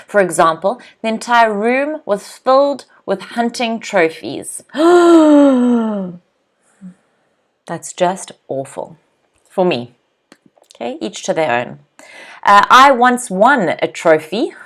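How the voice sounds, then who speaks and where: Woman, English teacher; slow, deliberate delivery, bright animated drills. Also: mid-range voice. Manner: animated, clearly drills pronunciation, laughs often. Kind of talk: live online English lesson.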